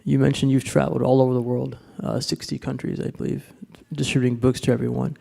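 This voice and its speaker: A man's voice: medium pitch, flat delivery, quick pace, creaky, warm tone. A man in the audience politely asking the speaker a question.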